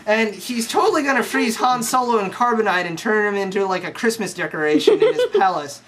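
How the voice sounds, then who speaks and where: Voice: mid-range voice, sing-song, a little fast, fairly bright tone. A young adult casually retelling a movie as a comedy recap, rambling, profane and full of "like.". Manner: slangy, profane, rambling with lots of "like". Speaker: storyteller. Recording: noisy home recording.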